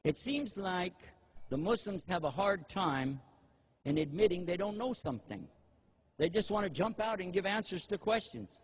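An older man giving a religious lecture, animated and humorous, often mimicking eager people in a raised voice. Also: sits high, brisk, husky. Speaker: Muslim preacher. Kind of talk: lecture with acted-out asides.

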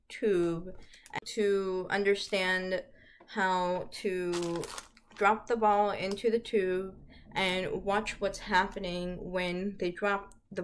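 A woman hosting a children's lesson video, talking gently to small children and making sing-song animal noises. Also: lowish voice, a little hiss or hum. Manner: slow, bright voice, sing-song animal noises for little ones. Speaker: early childhood teacher.

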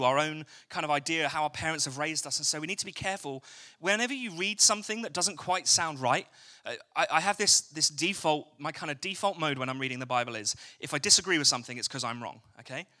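This young man from England has a fairly high, sharp-toned voice. He's giving an informal evening sermon in a church hall, joking around and asking the congregation questions.

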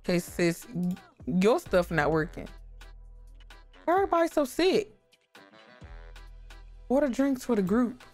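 A woman giving lively, chatty commentary on a life-sim game, talking to her viewers. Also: a little high, slow pace, pauses often, faint music behind. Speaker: gaming YouTuber. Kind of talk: casual gameplay commentary.

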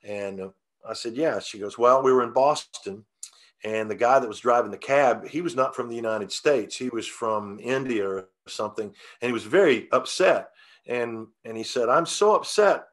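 A man chats in an unhurried, folksy way, circling back through restarts and fillers as he tells a story. His voice sits at an ordinary middle pitch. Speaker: guest singer-songwriter. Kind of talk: casual interview storytelling.

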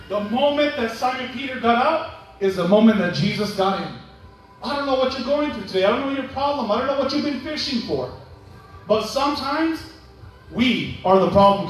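A pastor with an unusually high voice delivers a sermon in a church sanctuary, calling out for amens and acting out little imagined dialogues. The recording is distant and drenched in the echo of a large hall.

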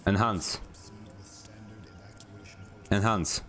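Young man, low voice, sarcastic streamer, clipped voice commands, faint music behind. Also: extremely slow, fairly bright tone. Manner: sarcastic, barking short commands. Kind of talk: casual gameplay streaming with voice commands.

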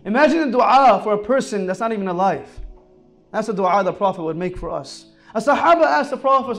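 A man with a very high voice preaching a sermon, faint music playing underneath. He tells his stories earnestly, dropping soft and low at times and lifting into emphatic bursts. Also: lively intonation, a little fast. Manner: earnest storytelling, swinging between soft low passages and raised emphatic ones. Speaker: Islamic preacher.

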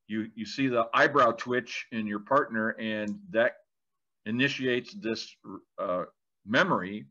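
Male co-host, bright and forceful tone, thoughtful explainer; dull, lo-fi recording. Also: on the low side, takes it slowly. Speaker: podcast co-host. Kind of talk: conversational discussion. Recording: dull lo-fi sound.

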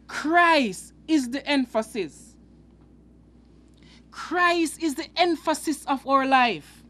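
A man's voice: very high-pitched, slow pace, long pauses, bright, forceful tone. A man hosting a Bible teaching show, explaining scripture in an earnest, emphatic way that often halts and repeats words. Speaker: preacher and host.

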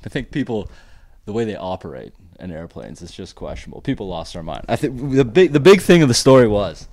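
Laid-back young man with a deep voice. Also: big pitch swings, fairly quick, a little mellow. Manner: laid-back storytelling, laughs often. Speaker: podcast co-host, pro soccer player. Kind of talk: casual podcast chat.

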